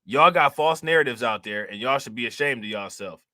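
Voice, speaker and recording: A man's voice: medium pitch, animated, a little fast, bright, forceful tone, no echo, clean studio sound. Heated man firing rhetorical questions. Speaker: reaction channel host. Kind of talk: opinion commentary to viewers.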